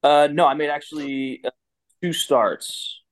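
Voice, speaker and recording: A man's voice: on the high side, steady tone, measured pace. A man in his thirties, a guest telling a story in a casual, rambling way with many restarts and fillers. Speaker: guest, former pitcher.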